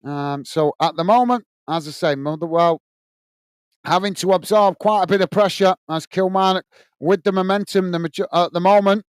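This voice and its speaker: Male watch-along host, high clean voice, dry close mic, easygoing match chat. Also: moderate pace, clear, resonant tone, dry recording. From United Kingdom. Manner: friendly, reads out viewer messages, frequent "mate" and "uh" fillers; excited goal call. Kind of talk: live football watch-along commentary and chat.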